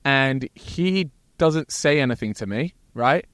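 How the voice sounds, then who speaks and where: A man's voice: medium pitch, lively intonation, slow, fairly bright tone, dry recording. A man co-hosting a podcast in casual chat, telling long rambling stories and swearing freely, recorded inside an RV. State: hungover. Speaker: podcast co-host. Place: inside a parked RV.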